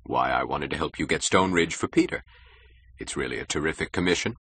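A man voicing a suave, scheming male critic who talks in a smooth, condescending, measured way. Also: extremely low pitch, a bit bright, slight background noise. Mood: sly.

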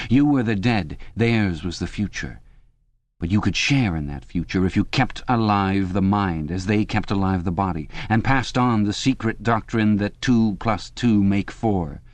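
A man reading an audiobook in a measured, dramatic scripted narration, close to the mic. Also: low voice, no echo.

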